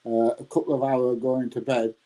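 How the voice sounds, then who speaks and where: A man's voice: mid-range voice, flat delivery, moderate pace, warm tone, rough recording. Chatty man in his sixties. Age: 60s. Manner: rambling, chatty, laughs often, says mate. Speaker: YouTuber answering live chat. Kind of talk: casual live-stream chat.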